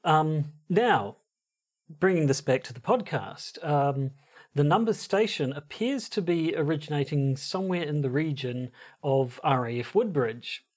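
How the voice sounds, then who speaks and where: A man co-hosts a podcast in relaxed chat, his voice a little higher than usual for a man. He agrees readily and searches for words, starting and restarting his sentences. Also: measured pace. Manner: agreeable, hesitant, with many restarts and fillers. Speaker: podcast co-host.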